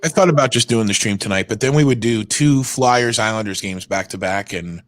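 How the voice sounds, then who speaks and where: A man's voice: on the low side, a little fast, a bit bright. A man hosting a live hockey watch stream, chatting casually and rattling off player names. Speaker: stream host. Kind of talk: casual live game commentary.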